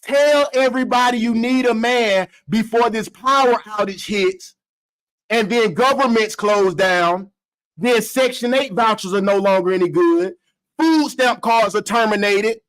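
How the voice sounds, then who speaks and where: A man co-hosting a podcast, giving a loud, preachy mock-trial argument, laughing often. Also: high-pitched, measured pace, poor audio. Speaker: podcast co-host arguing the defense.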